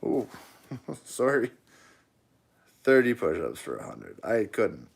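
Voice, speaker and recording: A gravelly-voiced man hosts a relaxed livestream, chatting and joking with his viewers. He talks at an unhurried pace, filling the gaps with ums. His pitch swings around a lot as he talks. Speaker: knife-making livestream host. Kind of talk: casual live chat answering viewer comments.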